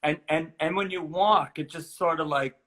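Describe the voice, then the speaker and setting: A man's voice: a little high, normal speed, a bit bright. A middle-aged man riffing playfully in casual chat on a video call from home. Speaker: guest.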